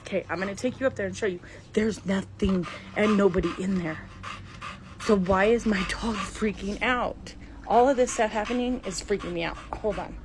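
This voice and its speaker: A middle-aged mother filming inside her house, talking to viewers, swinging between hushed whispers and panicked exclamations. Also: medium pitch, normal speed, over music. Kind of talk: frightened handheld home video narration. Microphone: handheld phone camera. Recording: noisy phone recording.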